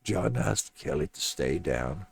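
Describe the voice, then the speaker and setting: Gravelly deep-voiced male narrator. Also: takes it slowly. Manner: plain steady reading with small slips. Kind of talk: audiobook narration.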